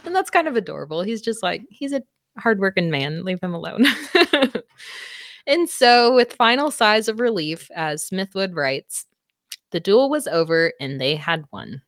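A woman's voice: mid-range voice, big pitch swings, a little slow, dry recording, clean studio sound. A woman co-hosting a book club podcast, recapping a novel in casual chat, laughing often and swearing freely.

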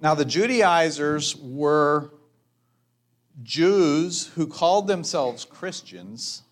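A man preaching a measured, thoughtful sermon as a pastor, pausing for reflective asides. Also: on the high side, lively intonation.

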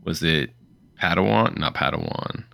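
A man co-hosting a podcast in relaxed, casual chat, often agreeing and searching for words. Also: low voice, moderate pace, gravelly, dry recording, studio quality. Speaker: podcast co-host.

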